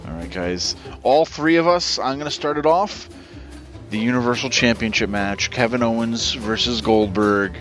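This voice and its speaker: A man hosting a wrestling podcast, briskly calling out matches in casual chat. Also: mid-range voice, fairly bright tone, soft background music. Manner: brisk, runs the segment. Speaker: podcast host.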